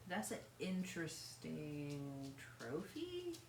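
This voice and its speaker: A woman's voice: lowish voice, big pitch swings, slow pace, reverberant, a little hiss or hum. A woman co-hosting a live stream with her wife, making wry jokes in casual chat on a phone. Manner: wry, joking, laughs along. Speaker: host's wife, co-host.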